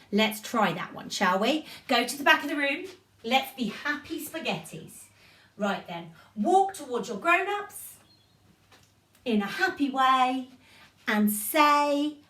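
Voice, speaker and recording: A woman teaching a drama session to young children, giving animated, coaxing instructions and encouragement. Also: high-pitched, recorded from a distance. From United Kingdom.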